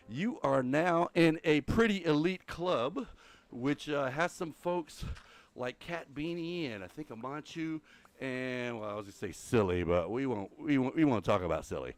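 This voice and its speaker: A man's voice: medium pitch, expressive, measured pace, no echo. Out-of-breath older man streaming a game. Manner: rambling, thinks aloud, chatty with viewers. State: out of breath, walking on a treadmill. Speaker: Minecraft livestream host. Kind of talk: casual gameplay livestream chat.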